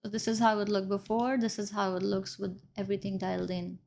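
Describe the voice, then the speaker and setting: This woman narrates a screen-recorded editing lesson, talking through every step and stopping to correct herself when she slips. Her voice is middle-pitched, creaky and darkish, with little pitch movement and a slightly fast delivery.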